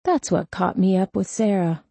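A woman voicing a raspy, desperate male ex-convict in an audiobook, switching between bluster and frantic begging. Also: mid-range voice, moderate pace, mellow, no echo. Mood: defiant. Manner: pleading, screaming in panic. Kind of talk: audiobook character voice.

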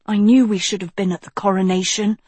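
A woman's voice: medium pitch, fairly even intonation, fairly quick, a little mellow, breathy edge, no room sound, natural voice. A woman voicing a chatty, naive young witch. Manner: chattery, mouth full.

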